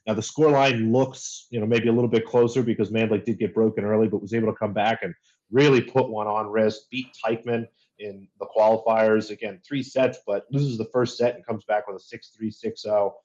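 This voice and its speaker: A man giving a steady, analytical run-through of tennis betting picks in a casual chat. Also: on the low side, brisk, dull audio.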